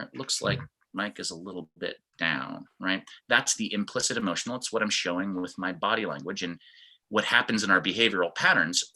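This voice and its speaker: A man with a fairly low but bright, forceful voice leads an online fitness class. He explains things step by step and breaks into demonstrations of how the same sentence sounds in different tones. It sounds like he is on a video call. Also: poor audio. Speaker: fitness instructor.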